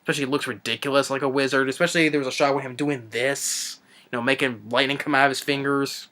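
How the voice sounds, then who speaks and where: A man with a bright, sharp-edged voice of medium pitch rants his way through an unscripted film review, sounding exasperated and scornful though his tone stays steady. The movie reviewer rambles, halting and restarting sentences and plugging gaps with "you know" and "I mean."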